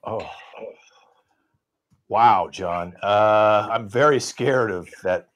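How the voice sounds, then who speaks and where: A low-voiced man acts out exaggerated nerves in an improv scene over a video call. He sounds theatrically worried. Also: very slow, fairly bright tone. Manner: mock-anxious, exaggerated. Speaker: improv performer.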